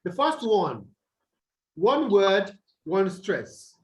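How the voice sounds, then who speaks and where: A man's voice: high voice, very animated, extremely slow, dull audio, a little hiss or hum. A Nigerian man teaching English over a video call, repeating points and quizzing his students with "what?" prompts. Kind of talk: online tutorial lecture.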